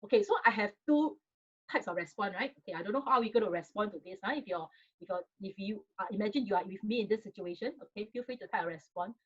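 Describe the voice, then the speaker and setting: A woman with a Singaporean accent gives a parenting webinar over a video call, talking to her audience in a loose, conversational way with plenty of fillers. Her voice sits in a middle pitch range. The call audio is a little dull and lo-fi. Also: quick pace. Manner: conversational, many fillers, addresses audience directly. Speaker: webinar speaker.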